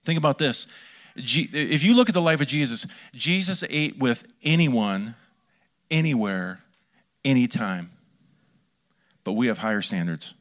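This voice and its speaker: A male pastor delivers a sermon in a lively, conversational way, cracking jokes and throwing questions out to his congregation. His voice sits at an ordinary middle pitch. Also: normal speed. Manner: lively, joking preaching with asides to the congregation.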